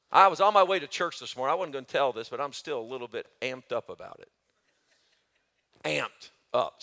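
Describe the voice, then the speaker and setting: A middle-aged pastor preaching in a high, bright voice. He tells his stories with lively energy, dropping low and then rising loud. It is a spirited sermon delivery. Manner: animated storytelling, shifting between loud and soft.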